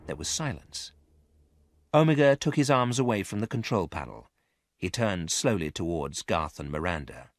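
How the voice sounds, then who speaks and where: A man reading a story aloud clearly and expressively, as an audiobook for English learners. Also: low voice, big pitch swings, normal speed, no echo, clean studio sound. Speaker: narrator.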